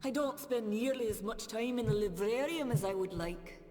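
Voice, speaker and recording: A woman's voice: on the high side, normal speed, big-room sound, over music, lightly acted. A woman voicing a formal, earnest gnome scholar in a game, with a nasal voice and an odd fantasy lilt. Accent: mixed fantasy lilt.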